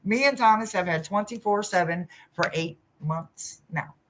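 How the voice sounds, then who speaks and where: Here is a woman hosting a casual live chat as a spiritual reader. She talks straight to her audience in a blunt, lively way, swearing freely and jumping between loud bursts and quiet asides. Her voice sits in an ordinary middle pitch for a woman. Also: normal speed, background noise. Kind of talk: casual livestream chat with viewers.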